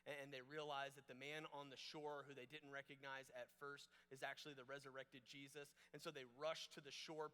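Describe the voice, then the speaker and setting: A man speaks to a youth camp, telling a story with casual, joking asides. His voice is bright and crisp, and it rings through the long reverb of a large hall. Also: fairly high pitch.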